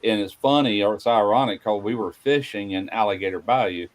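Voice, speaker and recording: Guy, kinda low voice, rambling stories, keeps saying anyway. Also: a little fast, low-quality recording. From Mississippi. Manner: rambling anecdotes with fillers like "anyway" and "you know". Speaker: podcast host. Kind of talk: casual storytelling chat.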